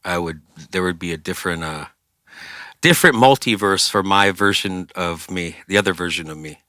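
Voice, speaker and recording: A man's voice: deep voice, normal speed, pushed and bright, dry recording, clean studio sound. A man being interviewed as a rock singer, rambling through casual stories and swearing often. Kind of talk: casual storytelling.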